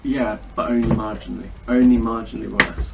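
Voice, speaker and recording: Young male co-host, mid-pitched, with dry wry asides. Distant mic, faint hiss. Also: little pitch movement, brisk, gravelly. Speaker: podcast co-host. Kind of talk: casual chat.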